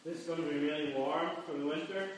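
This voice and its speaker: A man's voice: a little high, fast. A man preaching a playful, interactive children's talk to a church congregation, coaxing people up from the pews to act out a story. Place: large church hall. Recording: echoey hall with long reverb, faint noise.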